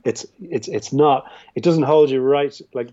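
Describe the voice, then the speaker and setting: An Irish filmmaker, a guest on a podcast, talking casually about films in a rambling way with frequent restarts. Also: male voice, mid-range voice, unhurried, dark tone. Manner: rambling, with many restarts and fillers. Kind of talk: casual film discussion. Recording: dull, muffled audio.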